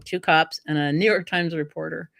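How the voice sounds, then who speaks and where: A lower-pitched woman in middle age chats casually as a podcast guest. She tells animated stories and slips into the voices of the people she quotes. The sound is close and dry, with no room around it. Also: moderate pace, creaky, no room sound. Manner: animated storyteller who acts out quoted voices. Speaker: dog trainer and author, podcast guest. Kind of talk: casual storytelling conversation.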